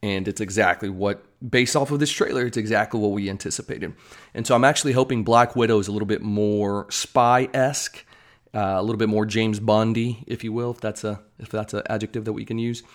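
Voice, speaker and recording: A man's voice: on the low side, steady tone, brisk. A man talks through upcoming movies in a loose, rambling vlog style. He drifts into joking asides as he goes. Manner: chatty, rambling, self-deprecating asides. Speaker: movie news vlogger. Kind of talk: casual commentary.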